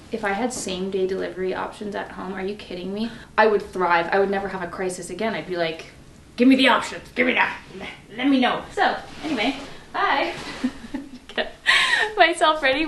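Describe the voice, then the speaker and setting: A chatty, gushing woman vlogging to her camera, full of likes and quick side comments at a mid-range pitch. The sound is roomy and echoey, with a faint hiss underneath. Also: fairly bright tone. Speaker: beauty vlogger. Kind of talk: casual vlog chatter to camera. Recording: roomy echo, faint noise.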